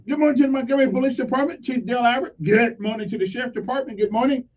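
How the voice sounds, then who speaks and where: A man hosting a morning radio talk show, rambling casually through shout-outs to local crews. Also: extremely high pitch, fairly even intonation, very fast, far from the mic. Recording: dull lo-fi sound, slightly off-mic.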